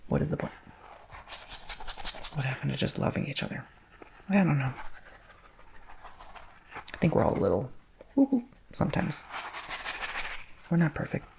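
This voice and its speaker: Gravelly-voiced man in soft ASMR chat. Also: mid-range voice, big pitch swings, moderate pace, pauses often, noisy background. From Macedonian-American family. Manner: rambling, emotional, full of "you know what I'm saying"; drifts between soft talk and whispers. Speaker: ASMR channel host.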